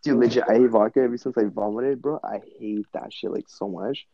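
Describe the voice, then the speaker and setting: A man's voice: lowish voice, brisk, warm tone, dry recording, lo-fi sound. A young man hosting a podcast with friends, rambling casually, laughing often and swearing. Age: young adult. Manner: rambling, laughing, swearing, says "bro" and "dude". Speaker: podcast host.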